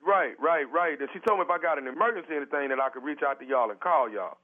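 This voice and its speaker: A man plays a desperate guy stranded on a toilet in a prank phone call. His high voice races through pleas full of "man" and "dog". It all comes through a thin, tinny phone line. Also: rapid-fire, close to an everyday voice. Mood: pleading. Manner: pleading, repeats "man" and "dog".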